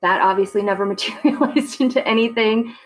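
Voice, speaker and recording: A woman's voice: fairly high pitch, fairly quick, low-quality recording. A woman in her forties from Long Island, guest on a podcast, chatting casually and laughing often. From Long Island, New York. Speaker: real estate agent, podcast guest. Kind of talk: casual interview chat.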